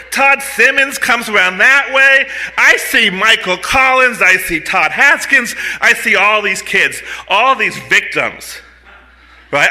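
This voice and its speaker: An animated storyteller, a man in his fifties, speaking on a live stage into a stand mic. His voice sits fairly high for a man and has a forceful, sharp edge. He delivers his story with punchy, comic timing. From United States. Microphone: mic on a stand in front of him.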